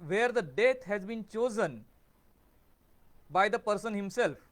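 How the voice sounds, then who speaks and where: A man, hosting a video series and explaining tradition in measured, deliberate phrases. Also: high voice, expressive, a bit bright. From India. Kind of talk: explanatory talk to camera.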